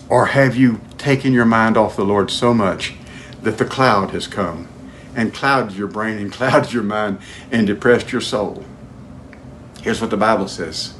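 In this sermon, a man addresses questions straight to his listeners and shifts from booming, emphatic moments to whispered, low prayer, with a faint hiss or hum in the recording.

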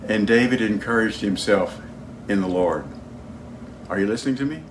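A man preaching a sermon as pastor, emphatic, moving between loud declarations and hushed lines. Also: fairly low pitch, normal speed, slight background noise. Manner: sings hymn lines.

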